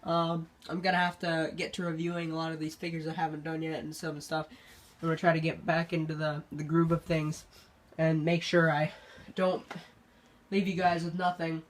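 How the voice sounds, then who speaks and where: A young channel host talks through a casual update vlog while sick and stuffed up. The delivery rambles and halts, with lots of ums and false starts, at a middle pitch, recorded on a phone camera. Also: little pitch movement, a little hiss or hum. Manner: rambling, halting, full of ums and restarts. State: sick, congested.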